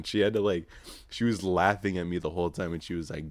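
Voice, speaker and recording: A man's voice: low-pitched, steady tone, fast, no room sound. A man in his early twenties hosting a solo podcast, telling a rambling, profane, self-mocking story in casual chat. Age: early 20s. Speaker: podcast host.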